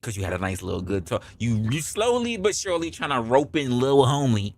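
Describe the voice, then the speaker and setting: Brief: male comedy podcast host, lively swooping delivery, crude and animated, dry close sound. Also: mid-range voice, fairly quick, no room sound. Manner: animated, profane, acts out scenes in voices. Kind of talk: comedic opinion monologue.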